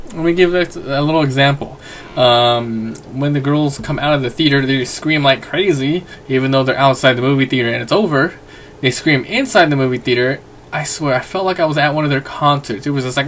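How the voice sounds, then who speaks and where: Young man, casual vlog chatter, rambling with fillers, mid-pitched voice, faint hum behind. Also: brisk, fairly bright tone. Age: young adult. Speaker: vlogger. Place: at home.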